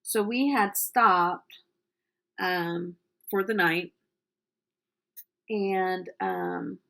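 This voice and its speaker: A woman's voice: fairly low pitch, very slow, vocal fry, pushed and bright. A middle-aged woman from the United States chatting casually while doing her makeup, telling a story with lots of ums. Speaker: makeup vlogger.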